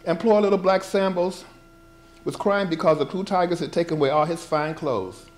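A man with a fairly high voice reads a children's story aloud to a live audience, in a lively performer's delivery. He keeps stepping out of the text with wry, laughing asides. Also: moderate pace. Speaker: performing artist. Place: live performance event at an art gallery.

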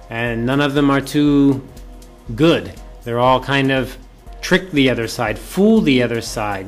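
A male professor giving a classroom lecture, often repeating key points and asking rhetorical questions. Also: a little high.

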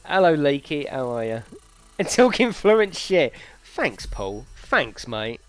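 A man's voice: a little high, very animated, slow, fairly bright tone. A man streaming a racing game, chatting and joking with viewers and swearing freely over game music. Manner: banters with chat, swears freely. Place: home gaming setup.

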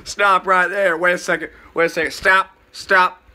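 Guy voicing a pushy cop, high and shouty, barked orders. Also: flat delivery, moderate pace. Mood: commanding. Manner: barking, shouted commands. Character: bossy made-up male park cop on a kayak.

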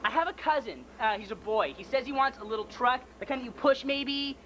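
A teenage young man clowning around loudly in a convenience store, caught on camcorder. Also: extremely high pitch, lively intonation, brisk, over a noisy crowd. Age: teens. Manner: loud, hyper, joking. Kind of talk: goofy home video clowning. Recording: noisy home camcorder audio.

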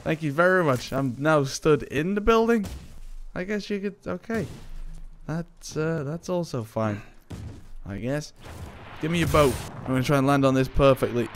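A man giving excitable, jokey let's play commentary and talking back to game characters. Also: on the high side, moderate pace. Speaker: gaming YouTuber. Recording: game sound effects and vehicle noise behind.

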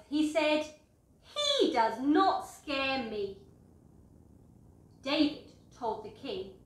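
A woman reading a story aloud to children, slowly and expressively, putting on voices and sound effects. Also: a little high, a bit bright, roomy sound.

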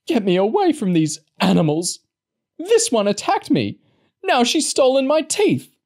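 A man voicing a furious old woman who shrieks her accusations in a high, shrill voice. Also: wildly swooping pitch, unhurried, exaggerated voice. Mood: wailing. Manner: shrieking, high-pitched and shouting.

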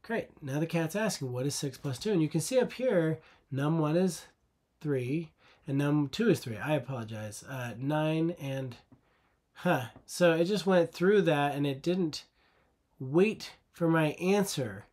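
A man's voice: on the high side, a little slow, darkish tone. A man teaching a coding lesson over a screen recording, patient and conversational, often asking the viewer rhetorical questions.

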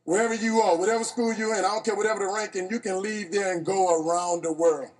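A man in his fifties from New Orleans, with a New Orleans accent, giving an animated, playful storytelling speech to an audience. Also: high voice, fast talker. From New Orleans, Louisiana. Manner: animated, playful, laughs at his own stories. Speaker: motivational speaker.

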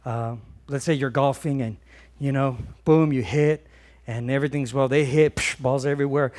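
A man preaching a sermon as a pastor, conversational and animated, often repeating words and swinging between loud emphasis and soft asides. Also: medium pitch, moderate pace.

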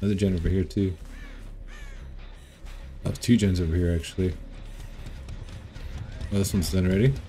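A man giving relaxed, casual commentary while playing a game, muttering asides to himself. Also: low voice, normal speed, long pauses, faint music behind. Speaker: gameplay commentator.

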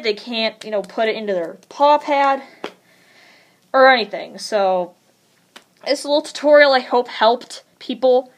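Woman vlogger with a higher-than-average voice. Casual, hesitant, rambling tutorial delivery. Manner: rambling and hesitant, with many fillers.

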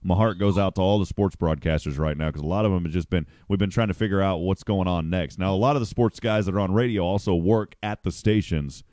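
A man's voice: deep voice, fast, hardly any pauses, a little mellow, dry recording, studio quality. A man hosting a casual morning radio show, chatty and upbeat, greeting listeners by name.

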